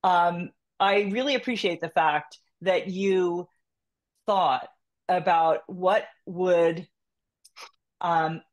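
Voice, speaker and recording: A woman's voice: fairly low pitch, extremely slow, pauses often. A woman hosting a support group on a video call, affirming and encouraging the members.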